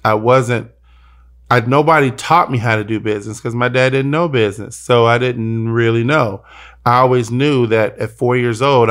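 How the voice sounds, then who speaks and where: Earnest young male podcast host, heartfelt, self-interrupting, mid-pitched. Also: a bit bright. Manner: earnest, repeats himself when moved. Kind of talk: emotional personal conversation.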